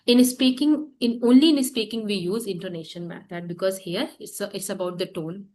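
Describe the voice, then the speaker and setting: A woman teaching a French class, explaining slowly with pauses, repeating key terms and often saying "that is". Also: medium pitch, darkish tone. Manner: halting, repeats terms, fills gaps with "that is". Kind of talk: classroom lesson. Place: classroom with students.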